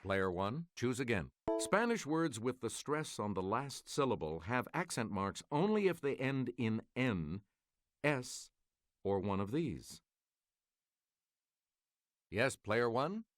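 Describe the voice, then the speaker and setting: A man hosting a game show, reading quiz clues in a measured, formal manner. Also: medium pitch, very animated, a faint crowd.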